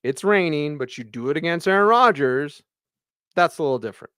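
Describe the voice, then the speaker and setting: Chatty, excitable sports radio host. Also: male voice, a little high, clean tone, dry recording, studio quality. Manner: excitable, chatty, fast bursts. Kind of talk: live postgame show reading viewer comments.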